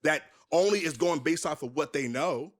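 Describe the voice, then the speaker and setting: Young male minister, interview guest, emphatic storyteller, somewhat high voice. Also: moderate pace. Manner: animated, emphatic, rhetorical questions. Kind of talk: candid conversational storytelling.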